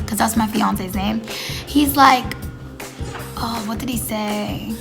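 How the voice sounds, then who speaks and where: A woman's voice: a little high, slow pace, gravelly, over music. A woman telling a casual storytime, rambling with lots of fillers and acting out what people said. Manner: rambling, filler-heavy, acts out quoted dialogue. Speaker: storytime vlogger.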